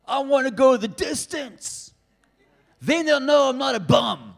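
A man's voice: extremely high pitch, lively intonation, unhurried, vocal fry, pitched above the performer's own voice, full character voice. A man putting on a mumbling accent to imitate a tough male boxer from a film. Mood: determined.

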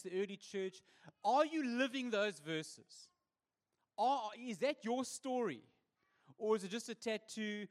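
A man with a South African accent, preaching a sermon in a conversational, humorous way. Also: sits high. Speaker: pastor.

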